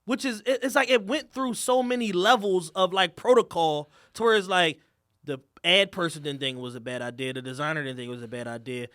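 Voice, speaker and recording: A man's voice: a little high, brisk, a bit bright, dry recording, studio quality. A man co-hosting a podcast, making emphatic arguments in casual, profane slang. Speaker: podcast co-host. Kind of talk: casual chat.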